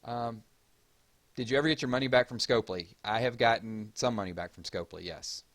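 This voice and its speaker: A man's voice: medium pitch, brisk. A man with a Southern US accent from Georgia, hosting a casual livestream and chatting as he reads out viewer comments. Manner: chatty, reads chat aloud and gives shout-outs. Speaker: livestream host.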